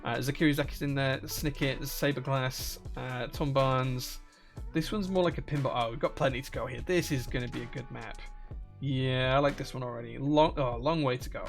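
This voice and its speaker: A man's voice: mid-range voice, steady tone, creaky. Man calling marble races over game music. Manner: rapid name-listing play-by-play with casual asides. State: slightly losing his voice. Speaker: streamer commentating viewer marble races. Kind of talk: live-stream race commentary.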